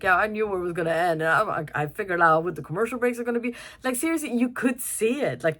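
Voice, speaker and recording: Chatty woman giving a casual film review. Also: lowish voice. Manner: chatty and animated, many fillers and restarts, laughs often.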